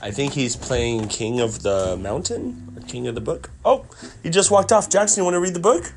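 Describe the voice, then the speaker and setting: With faint music playing behind him, a podcast-hosting father shares a farm picture book with his children, playfully acting out the animal sounds. His voice is slightly high and his speed is normal.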